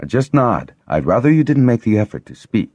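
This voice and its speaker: A man voicing a calm, kindly older male healer who speaks soothingly. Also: medium pitch, normal speed, dry recording, muffled recording, pitched above the performer's own voice, natural voice.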